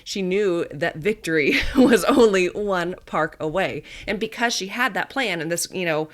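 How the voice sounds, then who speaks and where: A woman in her thirties, a dietitian and mother, hosting a podcast and retelling a family story in a chatty, animated way with little laughs. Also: lowish voice, moderate pace. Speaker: podcast host. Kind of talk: casual storytelling monologue.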